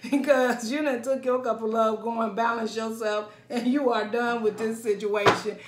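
A woman gives a casual tarot reading. Her voice sits fairly high and she talks in an animated way, laughing often. She is recorded in an echoey room. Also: moderate pace, noisy background. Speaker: tarot reader.

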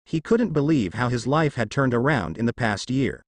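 This narrator, a man, reads fan fiction aloud at a steady, normal-speed storytelling pace. His intonation bounces around in an animated way, captured in a close, dry recording free of room reverb.

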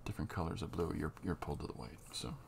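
A man talking through a drawing tutorial as he works, unhurried and halting, thinking aloud. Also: rumbling low, gravelly, a little hiss or hum. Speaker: comic artist drawing on camera.

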